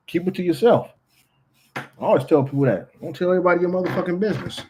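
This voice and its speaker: A man's voice: on the high side, fast talker, darkish tone, slight background noise, poor audio. A man from California giving a blunt, profane monologue to camera, repeating himself for emphasis. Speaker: vlogger. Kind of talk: casual ranting monologue.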